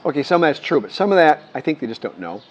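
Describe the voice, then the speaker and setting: A man's voice: fairly high pitch, fast talker, a little hiss or hum. Older American man, casual vlog talk, restarts a lot, dull lo-fi sound. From United States. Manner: rambling, many restarts, animated quoting. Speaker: vlogger. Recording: muffled lo-fi sound.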